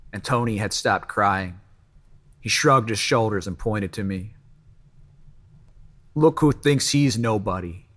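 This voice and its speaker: A man narrating a first-person story in a measured, even reading. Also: on the low side.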